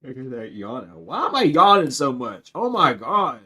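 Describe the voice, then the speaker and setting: A man doing a tarot reading on a livestream speaks in a sing-song way at a moderate pace. Blunt and foul-mouthed, he shifts between loud eruptions and quiet muttering on the side.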